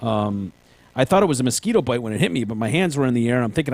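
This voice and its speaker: A man talks in a loose, meandering podcast chat, hedging his points and filling gaps with "um." His voice sits at an ordinary middle pitch for a man. The recording is dry and close, with no room echo. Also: animated, racing, a little mellow. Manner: rambling, hedging, lots of ums. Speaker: podcast host. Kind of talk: casual chat.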